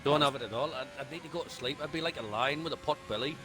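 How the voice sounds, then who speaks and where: A man's voice: on the high side, rapid-fire, music in the background. A man co-commentating a live race, calling timings and dropping dry, teasing quips.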